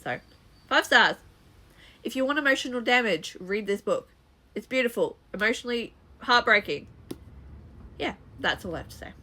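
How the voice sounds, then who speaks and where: A woman's voice: fairly high pitch, lively intonation, moderate pace, long pauses, pushed and bright, slight background noise. A young woman chatting casually about books she read, rambling with restarts and little laughs. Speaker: booktuber. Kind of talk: casual book review chat.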